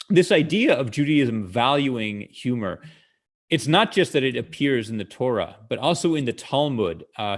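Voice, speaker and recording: A male comedian telling jokes and stories in a chatty way over a video call, often pausing to explain the punchline and using plenty of "uh" fillers. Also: mid-range voice. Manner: acts out characters' lines in quoted voices. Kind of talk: comic storytelling talk.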